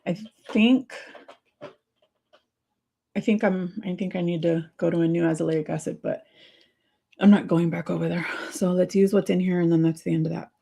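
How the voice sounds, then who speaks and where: A woman hosting a casual livestream, chatty and excitable, laughing often as she answers viewer comments. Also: fairly low pitch, normal speed, creaky, pauses often, breathy edge. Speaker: livestream host.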